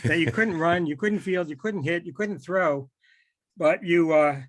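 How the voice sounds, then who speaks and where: A man's voice: on the high side, measured pace. A man interviewing a guest over a video call, recounting the guest's background in a friendly way. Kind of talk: conversational interview.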